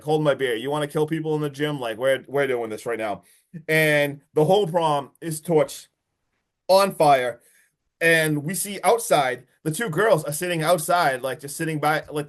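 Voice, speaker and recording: A man co-hosting a podcast, recapping a movie in a casual, excited way with lots of swearing and fillers. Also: sits high. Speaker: podcast co-host.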